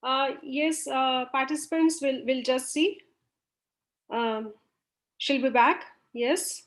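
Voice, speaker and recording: A woman's voice: high-pitched, slow pace. A woman co-hosting an online webinar over a video call, making brief helpful announcements to participants. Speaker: webinar co-host. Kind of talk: webinar moderation.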